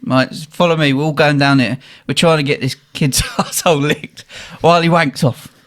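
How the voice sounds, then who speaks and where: A man's voice: fairly high pitch, moderate pace. A man co-hosting a podcast, telling rowdy stories in casual chat, laughing often and acting out the people he quotes. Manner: animated, laughing, acts out quotes. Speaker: podcast co-host.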